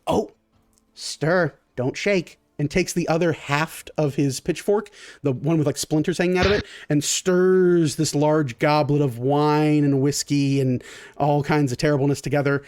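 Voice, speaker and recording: A man's voice: fairly high pitch, fairly even intonation, normal speed, a little mellow, smooth, no echo. A man narrating a tabletop game as game master, improvising vivid descriptions.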